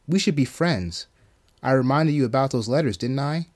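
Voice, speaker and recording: A man's voice: medium pitch, animated, moderate pace, a little mellow, natural voice. A man voicing a taunting male demon that croons and mocks with cruel menace. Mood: mock friendly.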